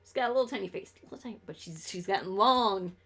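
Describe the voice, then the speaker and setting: A woman's voice: mid-range voice, lively intonation, quick pace, fairly bright tone, breathy edge. A young woman streaming a game, chatting casually in a rambling, sarcastic and profane way, laughing often. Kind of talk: casual chat while gaming on stream.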